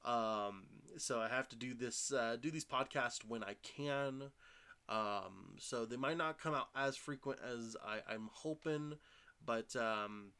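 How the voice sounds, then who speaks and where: A tired man hosts a casual podcast from his home desk, his voice sitting at an ordinary middle pitch. He rambles loosely, stacking fillers and restarting his sentences as he talks. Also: takes it slowly, pushed and bright, clear, resonant tone. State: sleepy, short on sleep. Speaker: podcast host. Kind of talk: casual solo podcast talk. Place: home room.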